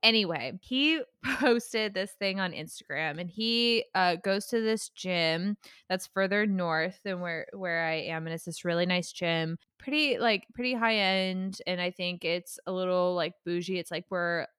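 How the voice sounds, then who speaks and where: Smooth, dry-sounding young woman. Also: lowish voice, a little slow, fairly bright tone, no room sound. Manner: laughs often, chatty storytelling with fillers. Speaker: podcast co-host. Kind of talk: casual chat.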